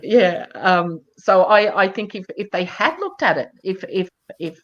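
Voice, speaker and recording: A woman campaigner in a live online chat, speaking in a measured, emphatic way with frequent fillers. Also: medium pitch, sing-song, highs cut off. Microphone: video call.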